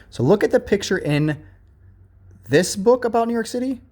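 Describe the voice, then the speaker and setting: A male teacher giving a remote grammar lesson, reading examples from a workbook and explaining them slowly with frequent "okay?" check-ins. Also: mid-range voice, darkish tone.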